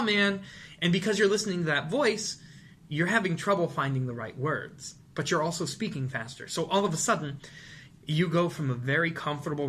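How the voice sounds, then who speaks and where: A man teaching presentation skills to camera, animated and demonstrative, sometimes acting out rushed nervous speech. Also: fairly high pitch, a little hiss or hum. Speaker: vocal and presentation coach. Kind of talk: instructional talk to camera.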